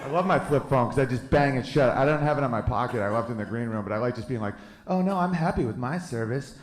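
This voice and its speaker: A man's voice: mid-range voice, fairly even intonation. A man in his thirties doing a brash, profane stand-up comedy set live on a club stage. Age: 30s. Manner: brash, loose and profane, with quick jokey asides. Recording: roomy live club recording with audience laughter.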